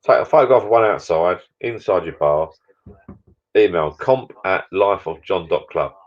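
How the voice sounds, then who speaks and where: A man's voice: low voice, lively intonation, moderate pace, dull audio. A man hosting a casual live stream, rambling chattily and reading out viewer comments.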